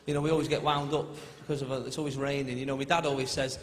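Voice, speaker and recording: A man's voice: mid-range voice, flat delivery, slight background noise. A man from Manchester with a Manchester accent, performing a chatty stand-up set and bantering with the audience. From Manchester, England. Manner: chatty, quick asides to the crowd. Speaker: stand-up comedian. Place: large theatre stage with a laughing audience. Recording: echoey theatre, loud crowd laughter.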